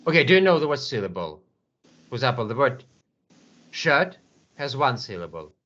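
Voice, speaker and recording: A man teaching English one to one, patient, repeating words slowly with many fillers. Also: mid-range voice, very animated, a bit bright, lo-fi sound. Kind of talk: online English lesson.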